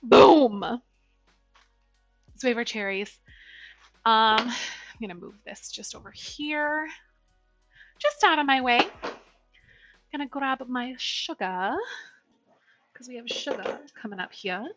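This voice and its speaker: A woman's voice: expressive, takes it slowly, long pauses, highs cut off, music in the background. A young woman chatting casually through a cooking livestream, talking to her viewers. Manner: chatty, talks to her dog in a high baby voice. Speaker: streamer.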